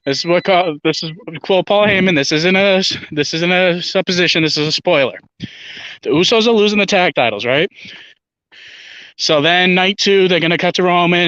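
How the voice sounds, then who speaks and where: A man's voice: high voice, normal speed, fairly bright tone, smooth, no room sound, dull audio. A man joining a livestream as a guest, talking emphatically and confidently and swearing freely. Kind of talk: casual chat.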